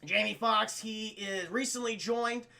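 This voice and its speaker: A man with a very bright, high voice and a gravelly edge talks his viewers through a film review. His chat is casual and animated, with free swearing and acted-out scenes. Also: unhurried. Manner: animated, swears freely, acts out scenes with exclamations. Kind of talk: casual spoiler review chat to a live stream audience.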